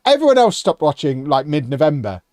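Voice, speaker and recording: A man's voice: a little high, dry recording, studio quality. A man and football commentator chatting sarcastically to his viewers on a live stream while playing, often laughing. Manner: sarcastic, animated, quick to laugh.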